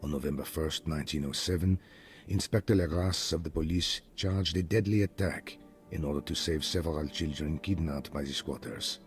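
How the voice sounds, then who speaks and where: Very deep solemn game narrator, measured and grave, reading old history. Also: male voice, faint music behind. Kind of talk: scripted narration.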